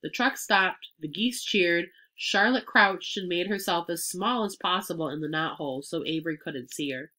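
A woman reading a children's storybook chapter aloud, expressive and clear. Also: lowish voice, normal speed, hardly any pauses. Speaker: reader.

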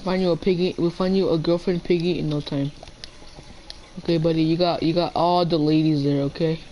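This teenage boy chats casually and playfully as he plays a video game, even speaking to the animals in it. His slightly high, warm voice moves fairly quickly with fairly even intonation, captured in a low-quality recording with slight background noise.

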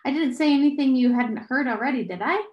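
A woman's voice: high voice, a little fast, muffled recording, pitched above the performer's own voice, close to an everyday voice. A woman reading aloud and voicing a blunt, teasing teenage boy, in an echoey room.

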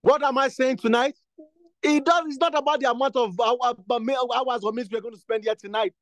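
A man with a very high voice leads a prayer meeting, pressing the same phrases again and again and rising into fervent bursts. His voice sounds dry and close, with no room echo. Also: fairly even intonation, a little fast, a bit bright. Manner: repetitive, insistent, builds to fervent bursts. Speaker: prayer leader. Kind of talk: exhortation and spoken prayer.

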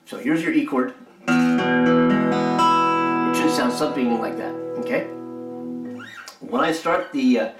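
A man's voice: medium pitch, a little slow, long pauses. Man teaching guitar, echoey room. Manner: rambling, many fillers and restarts. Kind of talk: relaxed spoken guitar lesson. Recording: roomy echo over loud guitar. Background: guitar playing.

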